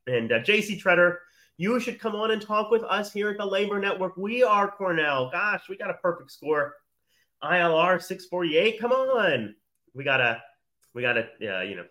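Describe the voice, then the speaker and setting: A man's voice: on the high side, pushed and bright. A man in his thirties hosting a live talk show, rambling and teasing in a casual monologue. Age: 30s. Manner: rambling, chatty, teasing, laughs often.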